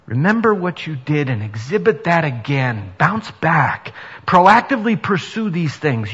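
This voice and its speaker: A man's voice: on the high side, very animated, measured pace, fairly bright tone, breathy edge. Preaching man in a reverberant hall. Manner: earnest, rising to emphatic preaching. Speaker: pastor. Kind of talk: sermon. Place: church sanctuary. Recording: dull sound with long reverb in a hall.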